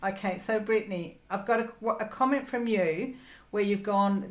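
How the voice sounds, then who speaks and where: A woman's voice: medium pitch, moderate pace. Chatty Australian woman in an echoey room. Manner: chatty, rambling, with frequent ums and laughs. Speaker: crafting channel host. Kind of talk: casual chat reading viewer comments. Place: home room while diamond painting.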